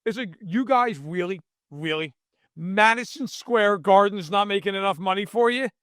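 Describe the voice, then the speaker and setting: A man from New York state co-hosts a podcast, ranting in mock outrage about sports during casual chat. His voice is high-pitched and a bit bright, at normal speed, in a dry, studio-quality recording.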